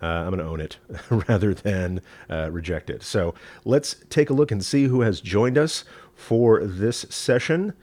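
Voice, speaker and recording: Folksy Southern man with a low voice. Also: a little slow, a little mellow, no room sound. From East Texas, USA. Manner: folksy, rambling, with frequent fillers. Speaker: rabbi and show host. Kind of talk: live-streamed teaching talk.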